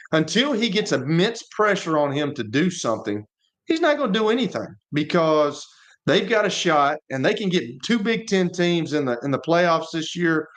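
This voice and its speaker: A man's voice: a little high, fairly bright tone. A man, a former quarterback co-hosting sports radio, telling stories in a rambling way with many restarts. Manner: rambling, repeats and restarts words. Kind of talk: casual sports talk, storytelling.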